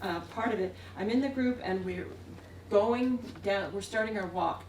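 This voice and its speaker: A woman's voice: medium pitch, moderate pace, darkish tone. A woman artist giving a talk, telling stories in a meandering way with frequent chuckles. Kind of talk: anecdotal storytelling. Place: museum gallery room. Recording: echoey room, distant mic, faint hiss.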